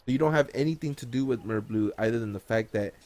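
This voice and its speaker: A man's voice: medium pitch, fast talker, darkish tone, dry recording. A man narrating a tabletop game as game master in a casual, meandering way.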